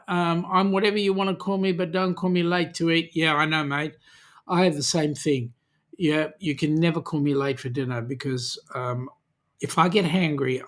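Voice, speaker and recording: A man's voice: on the high side, fairly bright tone. A man with an Australian accent hosting a casual livestream, reading out viewer comments with lots of ums and friendly teasing. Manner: chatty, hesitant with frequent ums, teasing. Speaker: livestream host.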